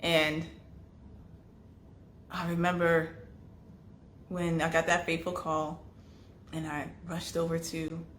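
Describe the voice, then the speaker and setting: Low-voiced emotional woman, echoey room. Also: level tone, slow pace, long pauses, a little hiss or hum. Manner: emotional, wavering between soft and loud. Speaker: host. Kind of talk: candid personal talk on grief.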